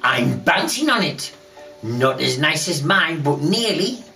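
A woman voicing a bold, curious little girl who chats away to herself, heard from a distance over soft music. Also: low voice, big pitch swings, slow pace, creaky, exaggerated voice.

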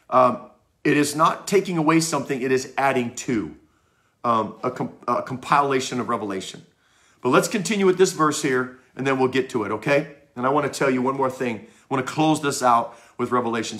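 Pastor guy preaching hard, bright sharp voice, keeps hammering the same lines. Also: mid-range voice. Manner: fervent preaching, emphatic repetition. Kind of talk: sermon.

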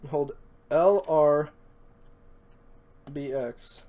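A woman's voice: low-pitched, very slow. A woman chatting casually on a live game stream, cooing and fretting over her cat while she plays. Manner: animated, coos and frets over a cat.

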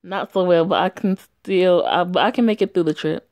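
A woman's voice: fairly low pitch, normal speed, a little mellow, no room sound, lightly acted. A woman voicing a brash, foul-mouthed teenage tomboy who talks back defensively. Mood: reluctant. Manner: crude, swearing, defensive.

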